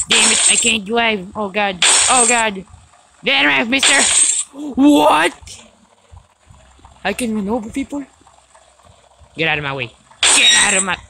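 Excitable woman yelling through gameplay. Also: medium pitch, heavy background noise. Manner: excitable, yelling and swearing at the game. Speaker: gaming video host. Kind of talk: let's-play commentary.

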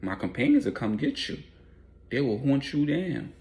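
A man's voice: medium pitch, very animated, moderate pace, gravelly, a little mellow, voice pushed up. A man doing a shady older man playing innocent. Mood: evasive. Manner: evasive, placating. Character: shady older man posing as a realtor, nervous.

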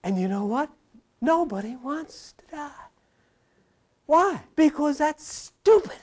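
Animated folksy older preacher. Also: male voice, slow. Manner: folksy, animated, jokey, swings between loud asides and low murmurs. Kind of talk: sermon to a live congregation.

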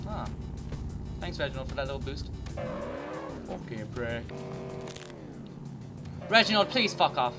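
A man giving profane, excitable commentary while playing a game, with sudden yelled outbursts. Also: medium pitch, a little slow, pauses often. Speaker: gaming YouTuber. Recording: game music behind voice.

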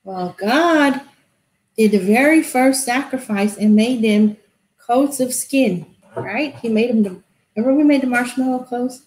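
A woman telling a Bible story to children in an animated way, asking them questions. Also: a little high, measured pace, a little hiss or hum. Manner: animated, asks kids questions. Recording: echoey room.

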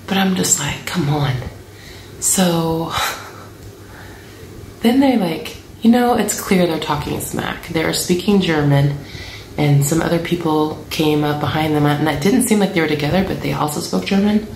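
Low gravelly woman vlogger, echoey room. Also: slight background noise. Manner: chatty, animated, acts out quotes. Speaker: family travel vlogger. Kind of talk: casual storytelling to camera.

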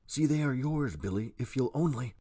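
A man voicing a sly, secretive male sailor who speaks in a quick, husky, hushed whisper, in a storybook reading. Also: mid-range voice, expressive. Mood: furtive.

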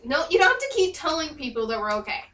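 A woman's voice: high-pitched, sing-song, quick pace, fairly bright tone, echoey room. A woman co-hosting a let's play in casual chat, exclaiming at the game and teasing her partner with exasperation. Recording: distant mic.

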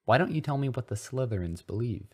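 A man's voice: medium pitch, expressive, quick pace, slightly rough, pitched above the performer's own voice. A man voicing a naive, earnest schoolboy who is new to his faith. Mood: earnest curious. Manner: earnest, innocent, indignant at times.

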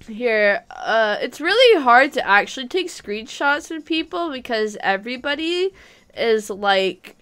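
Giggly woman streamer with smooth voice. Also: high-pitched, animated, takes it slowly, sharp tone. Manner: giggly, chatty, reads out viewer comments. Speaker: gaming livestreamer. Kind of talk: casual live stream chat.

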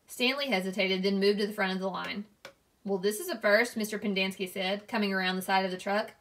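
Woman, reading a novel aloud, steady clear narration, mid pitch. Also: fast. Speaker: reader.

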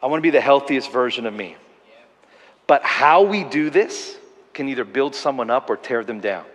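A man's voice: medium pitch, animated, moderate pace, fairly bright tone, big-room sound. Earnest male pastor preaching. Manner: earnest, storytelling, self-deprecating humor. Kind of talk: sermon. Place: church auditorium.

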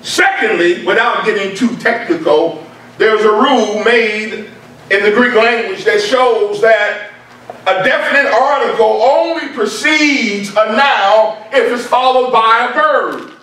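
High-voiced man preaching in an echoey church. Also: measured pace, sharp tone. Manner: emphatic, repeats key points for stress. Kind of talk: sermon. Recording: very echoey room, mic far off.

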